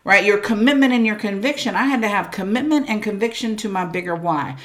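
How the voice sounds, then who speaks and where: A woman with a mid-pitched voice tells her own story as an interview guest. She talks emphatically and expressively, with frequent "like" and "right?" along the way. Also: fairly quick, hardly any pauses. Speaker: guest, entrepreneur and motivational speaker.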